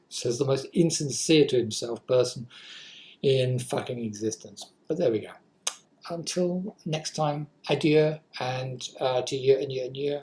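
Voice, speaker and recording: A woman's voice: a bass voice, measured pace, mellow, rough recording. A woman in her sixties with an English accent, vlogging in a rambling, self-deprecating way and swearing freely. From England. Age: 60s. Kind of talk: casual talk to camera.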